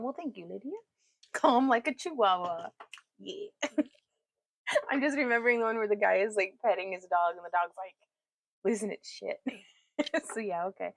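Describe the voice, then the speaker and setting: A woman's voice: medium pitch, animated, a little slow, vocal fry, pauses often. A woman hosting a craft live stream, chatting and laughing with her viewers while she demonstrates her weaving work. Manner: chatty, giggly, talks to chat viewers.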